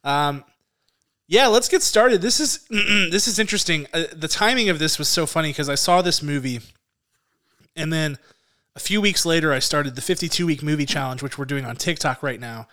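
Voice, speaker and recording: Upbeat, smooth-voiced man hosting a film chat. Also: a little high, moderate pace, pushed and bright. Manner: upbeat and chatty, laughing between phrases. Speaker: co-host of a movie review show. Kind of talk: casual film review chat.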